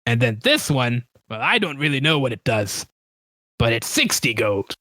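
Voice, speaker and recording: A man's voice: mid-range voice, very animated, moderate pace, sharp tone, no echo. A man doing a chirpy spirit shopkeeper. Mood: salesy. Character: cheerful shimmering shopkeeper spirit, male.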